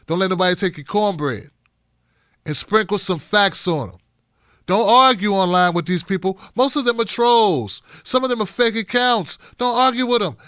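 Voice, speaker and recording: A man's voice: high voice, fairly bright tone, dry recording, clean studio sound. A middle-aged man hosting a live-streamed talk show, reading chat by name and ranting in a blunt, profane way.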